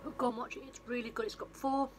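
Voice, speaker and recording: A woman's voice: a little high, steady tone, quick pace, slight background noise, low-quality recording. A woman chatting on her vlog, rambling through a film plot with lots of fillers and restarts, recorded on a phone. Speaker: vlogger and film reviewer. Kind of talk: casual retelling of a film plot.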